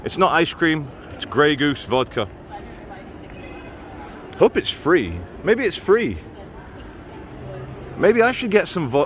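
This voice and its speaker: A man's voice: a little high, sing-song, takes it slowly, long pauses, fairly bright tone, a little hiss or hum. A man gives sardonic, mocking running commentary on a walking street vlog, filming on a handheld camera or phone as he walks outdoors through a city. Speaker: vlogger.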